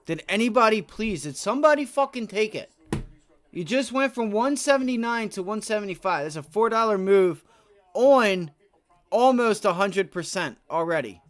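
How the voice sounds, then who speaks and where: A fairly high-voiced man calls out price levels on a live trading stream, swearing often and repeating short phrases under his breath. He swings between muttering to himself and loud exasperated outbursts. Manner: profane, exasperated venting at the chart. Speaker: live-streaming day trader.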